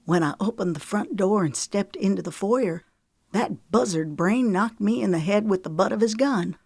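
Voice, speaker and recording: A woman reading the part of a gruff older man, a former soldier, in a hushed, grumbling way. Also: mid-range voice, normal speed, no room sound, clean studio sound, voice pushed up. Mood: hushed earnest.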